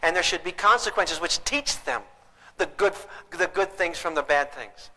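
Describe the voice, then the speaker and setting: An older man lectures parents in a high, bright voice, his words ringing with the long echo of a hall. He tells folksy stories and slips in joking asides. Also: moderate pace. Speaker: parenting speaker. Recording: echoey hall recording.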